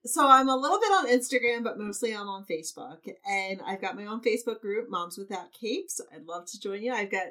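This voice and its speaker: A woman's voice: medium pitch, animated, brisk, hardly any pauses, bright, forceful tone, far from the mic. A woman podcast guest speaking in an encouraging, coaching tone in casual chat.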